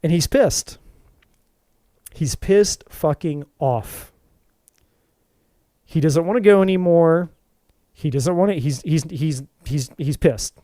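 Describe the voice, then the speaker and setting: A man hosting a spiritual talk to camera, telling an animated story, swearing freely, and often restarting his sentences. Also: fairly high pitch, takes it slowly, pauses often, no room sound. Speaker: tarot reader and spiritual channel host.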